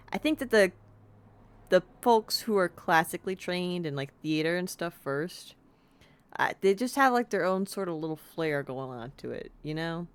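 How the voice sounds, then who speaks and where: Low-voiced chatty American woman streamer. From United States. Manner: chatty, rambling, upbeat, lots of "like". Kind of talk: casual let's-play chat.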